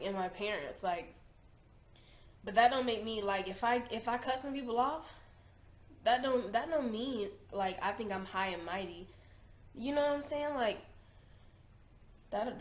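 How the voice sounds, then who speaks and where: A young woman in her twenties, hosting a reaction video in casual chat, emphatic and slangy, often repeating herself. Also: medium pitch. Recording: roomy echo, faint noise.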